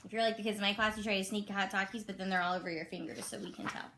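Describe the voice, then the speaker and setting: A woman teacher reading children's books aloud slowly and expressively, adding chatty comments between pages. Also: mid-range voice, steady tone, bright, forceful tone, slight background noise. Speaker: elementary school teacher.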